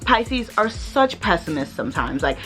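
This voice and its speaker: A woman's voice: on the low side, big pitch swings, normal speed, pushed and bright, soft background music. A woman hosting her own vlog in casual chat, blunt and sassy, and she swears freely. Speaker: vlogger host.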